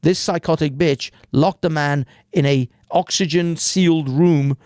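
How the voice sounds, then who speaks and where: A man's voice: fairly high pitch, measured pace, darkish tone, dry recording. Profane rambling British man, dry sound. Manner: profane, rambling, stumbles over words. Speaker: live stream host. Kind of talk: crude casual commentary while reading an article aloud.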